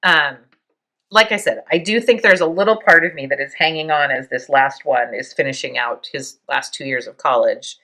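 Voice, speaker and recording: A woman in her fifties hosting a podcast, speaking in a reflective, halting way, close to tears and laughing softly now and then. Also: low voice. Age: 50s. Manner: soft, halting, near tears, with small laughs. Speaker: podcast host. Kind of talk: reflective personal monologue.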